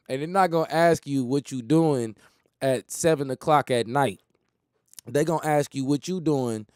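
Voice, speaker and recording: A man's voice: on the high side, darkish tone, no echo, clean studio sound. Emphatic man riffing on talk radio. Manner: rambling, emphatic, repeats phrases, laughs at his own jokes. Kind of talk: casual monologue.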